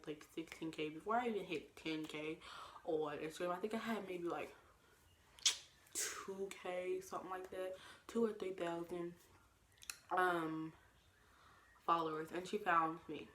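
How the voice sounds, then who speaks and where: Young woman, casual storytime vlogger, animated, lowish voice, faint noise. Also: unhurried. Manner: animated, lots of fillers, acts out quotes in shifting pitch.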